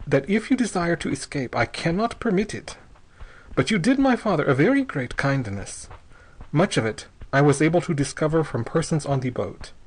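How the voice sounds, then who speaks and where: A man doing a bitter, formal young jailer. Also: fairly high pitch.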